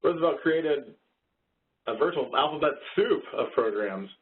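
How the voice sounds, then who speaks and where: Co-hosting a laid-back training webinar, a man from Texas speaks a little slowly in an expressive, higher-pitched voice. He's relaxed and laughs along at the jokes, though the audio comes through tinny, like a phone line.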